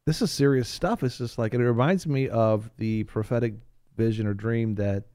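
A man on a talk show panel, talking casually in a rambling, animated storytelling way with frequent restarts. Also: mid-range voice, normal speed, no echo, clean studio sound. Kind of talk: casual chat.

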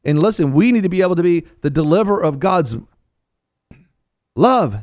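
A man delivers an impassioned sermon in a somewhat high voice. He swings from near-whispered passages to loud, ringing declarations and speaks straight to his listeners. The recording is dry and close, with almost no room sound. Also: lively intonation, moderate pace, no echo. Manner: addresses listeners directly as sir and ma'am. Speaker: preacher.

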